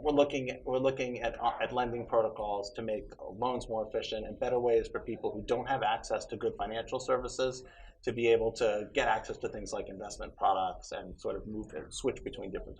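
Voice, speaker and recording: Relaxed man explaining in an interview. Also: on the low side, slight background noise. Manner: relaxed, explanatory, fillers like "you know". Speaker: interview guest, tech executive. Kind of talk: conversational interview. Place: tech conference.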